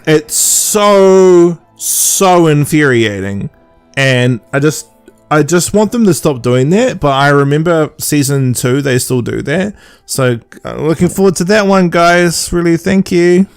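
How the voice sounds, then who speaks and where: A man's voice: fairly high pitch, lively intonation, unhurried, clean tone, no room sound. Male podcast co-host, sarcastic recap patter, dry close mic, faint music bed. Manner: sarcastic, mocks characters in silly voices. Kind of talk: casual recap chat.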